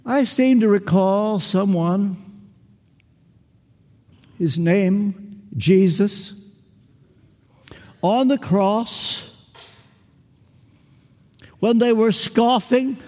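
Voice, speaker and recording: An older man delivers a sermon with emphatic, measured phrasing. He acts out small dialogues between people and lets long pauses hang. His voice is high but mellow, ringing in a reverberant hall. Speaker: preacher.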